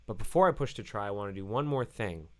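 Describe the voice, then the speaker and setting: A man hosting a live coding stream, thinking aloud in halting phrases with many fillers and self-corrections, and saying he is losing his voice. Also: lowish voice, lively intonation. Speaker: programmer live-coding host.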